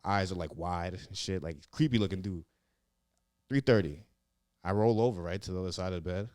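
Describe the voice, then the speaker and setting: This low, darkish male voice moves briskly, recorded with studio quality and no room sound. The young speaker, a comedian who was once a Marine recruit, is a guest on a podcast, rambling through stories in a relaxed interview. He curses freely and leans hard on "like" and "yeah."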